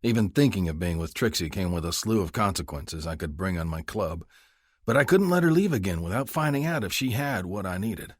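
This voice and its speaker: A young adult man narrating a romance audiobook in first person, with a blunt, gruff delivery. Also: deep voice, very animated, brisk, no room sound, clean studio sound.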